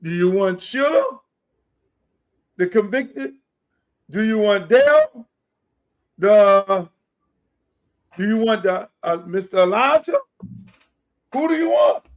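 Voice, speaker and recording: A middle-aged man hosting a podcast, ranting loudly and boastfully, with a lot of profanity. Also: high voice, animated, slow, long pauses, muffled recording. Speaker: podcast host. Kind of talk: heated casual talk.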